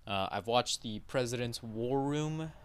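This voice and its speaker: A man's voice: mid-range voice, measured pace, clean tone. A man hosting a podcast in a casual monologue, rambling with many fillers, casual swearing and repeated checks of "right?". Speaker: podcast host.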